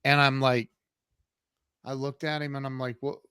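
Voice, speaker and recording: A man's voice: medium pitch, smooth, no room sound. A man guest on a podcast, telling a story with energy and acting out the dialogue he quotes. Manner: animated, talks fast, acts out quoted dialogue. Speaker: podcast guest, social media coach.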